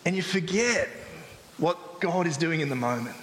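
A man's voice: on the high side, lively intonation, normal speed. A man preaching a sermon in a joking, conversational way, acting out the voices of people who complain. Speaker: pastor. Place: church service hall. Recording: echoey live church hall.

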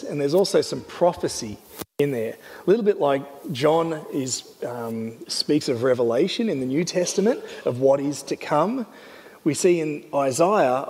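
A man giving a sermon as pastor, earnest and animated, teaching a series. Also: a little high, big-room sound. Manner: earnest, animated, often voices God in quotes.

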